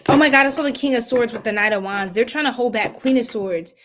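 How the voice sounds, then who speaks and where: A young woman doing a casual tarot reading, chatty and animated, often laughing and breaking into loud exclamations. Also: fairly high pitch, fast, a little hiss or hum. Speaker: tarot reader.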